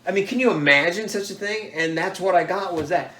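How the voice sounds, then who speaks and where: A man's voice: high-pitched, brisk, slight background noise. Older man animatedly telling hunting tales. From United States. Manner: animated, acts out quoted people. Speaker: father telling stories. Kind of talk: casual storytelling. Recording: echoey room.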